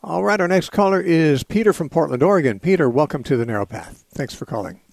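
A man hosting a call-in radio show and answering Bible questions in a measured, explanatory way, often pausing with "uh" and "you know". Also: a little high, expressive, gravelly, darkish tone, no echo.

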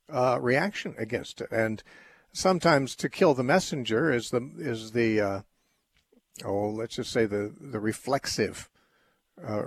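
Gravelly husky male radio host. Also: mid-range voice. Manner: measured, explanatory, occasional restarts. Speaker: radio call-in host and Bible teacher. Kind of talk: call-in radio talk, teaching.

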